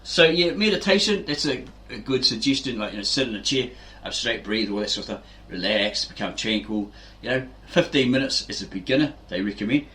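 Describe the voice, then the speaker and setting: A man's voice: medium pitch, animated, brisk, few pauses, pushed and bright. A man giving a casual, rambling explanation as a fitness channel host, tagging lines with "right?" and acting out quotes. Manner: rambling, keeps asking "right?", acts out quotes.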